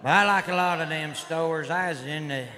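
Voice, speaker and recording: A man performing a stand-up routine in a rowdy redneck persona, drawling and shouting. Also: on the high side, normal speed. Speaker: stand-up comedian. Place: live comedy stage. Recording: live hall recording with crowd noise. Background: audience laughter and noise.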